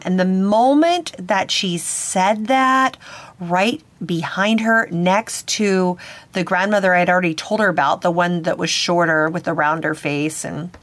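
A woman's voice: on the low side, a little slow, a bit bright, dry recording. Woman, psychic podcast host, earnest and a bit hesitant, dry close sound. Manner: earnest, slightly hesitant, with many restarts. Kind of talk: casual personal storytelling.

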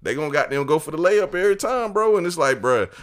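A man co-hosting a casual podcast chat, an animated storyteller full of slang. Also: fairly high pitch, quick pace, no echo. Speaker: podcast co-host.

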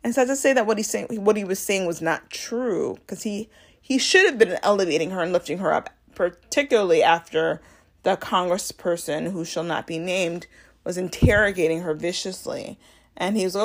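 A young adult woman hosting a casual solo podcast. She talks in a chatty, animated way, full of fillers and self-corrections, and acts out her own reactions with big jumps in pitch. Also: normal speed. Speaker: podcast host. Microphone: home podcast mic.

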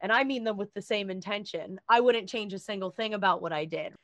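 A woman's voice: mid-range voice, fairly quick, fairly bright tone, no room sound. A woman sharing a personal story candidly in casual chat, with light laughs along the way.

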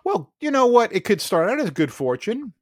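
A man's voice: high-pitched, sing-song, moderate pace, no room sound, studio quality. A man co-hosting a comedy podcast who quizzes his partner, teases him and laughs often. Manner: teasing, laughs often, quizzes the other host. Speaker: podcast co-host running the segment. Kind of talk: joking banter.

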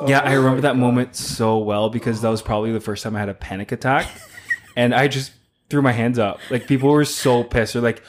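A man's voice: medium pitch, fairly even intonation, a little fast, noisy background. A young man, chatting casually on a podcast and telling a work story with frequent laughs and swearing. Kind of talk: casual chat.

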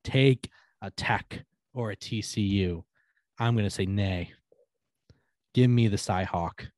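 A man's voice: lowish voice, slow pace, a little mellow, dry recording, clean studio sound. A man co-hosting a casual sports podcast, laid-back, reading out team lists that trail off at the ends. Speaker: podcast co-host.

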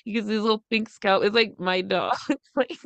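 A woman's voice: medium pitch, moderate pace, vocal fry, a bit bright, dry recording, muffled recording. A woman co-hosting a casual gossip podcast, mocking and profane, laughing often. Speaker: podcast co-host.

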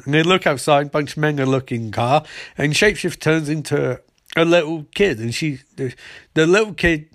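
A man giving a sarcastic, profane comedic recap of a TV episode, acting out the characters in quick quoted voices. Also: fairly high pitch, fairly bright tone, no echo, studio quality.

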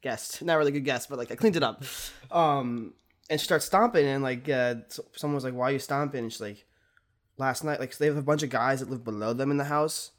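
A man's voice: medium pitch, brisk. A young man in his twenties, a podcast co-host, telling a rambling story in casual chat, full of fillers.

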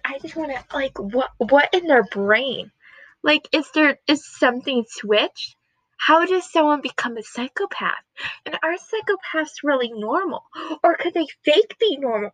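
Young woman gushing to her camera, rambles off topic, bright crisp voice. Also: sits high, dry recording, low-quality recording. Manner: rambling and gushing, drifts off topic, whispers at times. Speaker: vlogger. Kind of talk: casual chat to camera.

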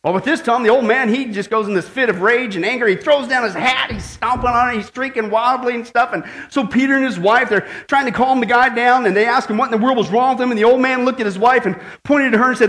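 A male pastor giving a lively, joking sermon with emphatic delivery. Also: very high-pitched, quick pace, hardly any pauses.

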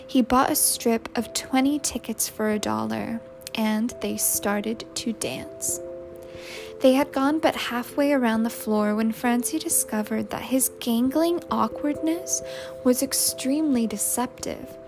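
A woman reading a novel aloud in measured, unhurried narration. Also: a little high, creaky. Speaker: audiobook narrator. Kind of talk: scripted narration. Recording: loud music under the narration.

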